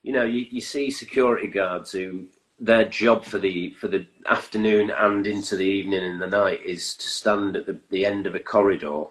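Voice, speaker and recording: Relaxed, dryly funny man in his fifties. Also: sits low, moderate pace, poor audio. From northern England. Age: 50s. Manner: relaxed, dry humour. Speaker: guest musician. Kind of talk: casual interview chat.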